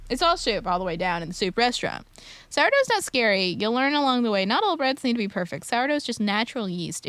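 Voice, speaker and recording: A woman's voice: medium pitch, a bit bright, no room sound. A young woman streamer, chatting casually and playfully with viewers, giggling often. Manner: giggly, playful, quick tangents. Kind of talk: casual live-stream chat reading viewer messages.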